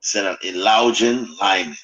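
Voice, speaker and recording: A man's voice: on the low side, normal speed, a bit bright, husky, dull audio. A man from Trinidad, chatting casually and explaining things in a laid-back way. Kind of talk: casual chat.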